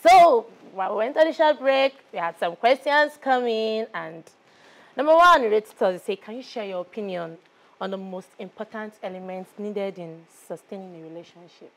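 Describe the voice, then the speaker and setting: A woman's voice: mid-range voice, animated, normal speed, natural voice. A woman from Nigeria playing a chatty young TV talk show host in a film, with repetitive presenter patter. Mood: upbeat.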